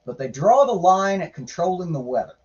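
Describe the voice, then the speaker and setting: A man's voice: sits high, sing-song, fairly quick, a little mellow, muffled recording. A man giving irreverent, sarcastic casual commentary while reading scripture aloud, swearing now and then. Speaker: podcaster reading and commenting on the Bible.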